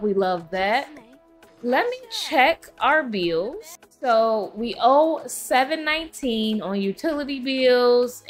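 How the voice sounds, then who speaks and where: Brief: female gaming host, slightly high voice, chatty running commentary, allergy-scratchy throat. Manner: chatty, talks to her game characters and viewers. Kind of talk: casual let's-play commentary.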